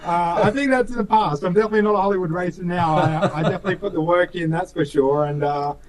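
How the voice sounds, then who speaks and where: A man's voice: high voice, fast talker, low-quality recording. A young Australian man, a speedcar driver, chatting in an interview with many fillers and restarts, acting out little dialogues. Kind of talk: casual interview chat.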